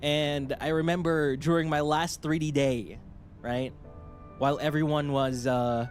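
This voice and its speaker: Guy vtuber rambling on stream, kinda high voice, laughs a lot, quiet music in the back. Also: measured pace. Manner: rambling, animated storytelling with frequent laughs and restarts. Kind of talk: casual stream chat.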